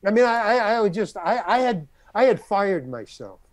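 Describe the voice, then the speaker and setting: A man's voice: sits high, a little fast, few pauses, no room sound. Older man telling a story, dry close sound. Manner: animated, acts out other people's lines in the story. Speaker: guest actor. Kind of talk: anecdotal storytelling.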